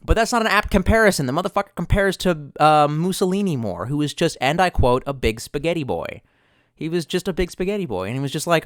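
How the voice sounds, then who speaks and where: A man's voice: on the high side, big pitch swings, fast, no room sound, clean studio sound. A young man chatting casually on a livestream, rambling and sarcastic, cursing often and reading viewer messages aloud. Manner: rambling, profane, sarcastic, reads chat aloud. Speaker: streamer.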